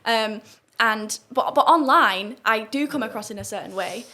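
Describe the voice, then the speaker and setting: Fast-talking young northern English woman. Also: fairly high pitch, sharp tone. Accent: northern English, softened toward southern English. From northern England. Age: young adult. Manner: fast, with many fillers and restarts. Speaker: guest. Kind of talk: casual interview talk.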